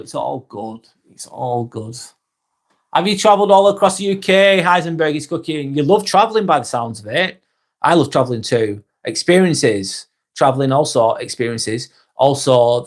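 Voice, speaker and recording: A young man from England hosts a live vlog stream, reading out comments from viewers. He speaks in a mid-range voice with a British English accent, relaxed and chatty, often saying um and laughing quickly.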